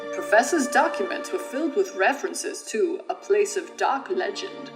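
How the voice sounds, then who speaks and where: Over game music, a woman with a medium-pitched, animated, natural voice plays a dying male doctor reading his farewell letter. She delivers it in a formal, measured, grave manner with a loose, put-on German-tinged accent, and the recording is rough.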